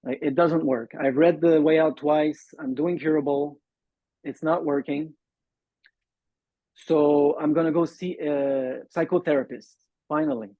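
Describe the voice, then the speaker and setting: A man's voice: a little high, steady tone, no echo. Man on a muffled call. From Montreal, Canada. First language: French. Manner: earnest, halting, acts out quoted dialogue. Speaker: guest sharing recovery story. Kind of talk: interview storytelling. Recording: dull lo-fi dry call audio.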